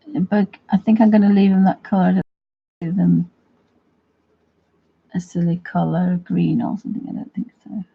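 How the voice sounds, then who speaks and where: A woman's voice: lowish voice, steady tone, normal speed, vocal fry, long pauses, breathy edge. A woman chatting while she paints, chatty and doting, often laughing, on a dull lo-fi recording. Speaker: art vlogger. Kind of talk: casual chat while painting. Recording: dull lo-fi sound.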